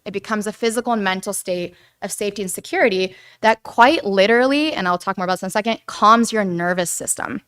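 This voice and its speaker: Woman, relaxed lecturer, clear resonant tone, mid pitch, chatty and animated delivery. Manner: chatty, animated, says "right?" and "like" often. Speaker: guest speaker on attachment theory. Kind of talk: casual lecture to a church group.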